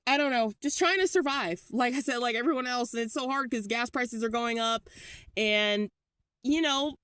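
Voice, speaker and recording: A slightly high, fairly bright voice belongs to a California woman vlogging on a handheld phone outside a car wash at night. She rambles at a moderate pace, anxious and swearing a lot, and the tone is clean with no room sound.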